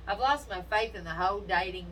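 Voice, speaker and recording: A woman's voice: medium pitch, brisk. A woman in casual chat, telling dating stories bluntly and animatedly, with lots of swearing. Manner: blunt, profane, animated storytelling. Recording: distant mic with faint noise.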